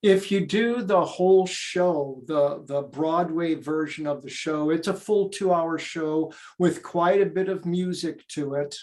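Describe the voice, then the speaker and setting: Slow, eager older man telling stories. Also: fairly high pitch. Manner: eager, animated storyteller. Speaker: theater director and performer. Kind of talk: interview guest, storytelling.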